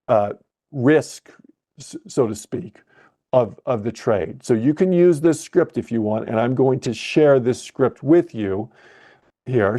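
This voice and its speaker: This is a man's live webcast coaching session in which he navigates trading software, voicing his thoughts and revising what he says. He has a mid-range voice.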